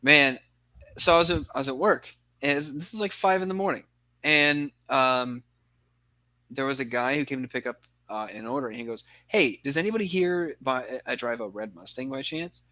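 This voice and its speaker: A man's voice: mid-range voice, moderate pace, pushed and bright, no echo. A young man on a podcast, telling a story in rambling casual chat and swearing a lot. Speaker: podcast co-host.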